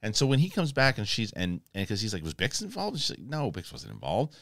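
A man hosting a casual review, retelling scenes in an animated way and acting out lines, with frequent restarts. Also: on the low side, quick pace, no echo, studio quality. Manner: animated, acts out quotes, many restarts. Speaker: host.

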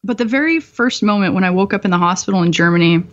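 A young woman guest in her twenties, telling dark stories bluntly and profanely, often laughing, in a slightly muffled recording. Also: mid-range voice, fast. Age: 20s. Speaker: guest, former bomb disposal technician. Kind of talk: candid storytelling interview.

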